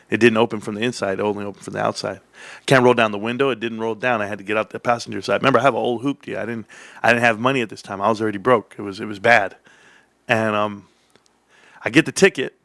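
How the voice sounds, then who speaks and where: A man's voice: medium pitch, brisk, vocal fry, dry recording. Dry, close-miked man telling a rambling story. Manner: rambling, animated, with restarts and acted-out dialogue. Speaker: stock channel host. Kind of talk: casual storytelling monologue.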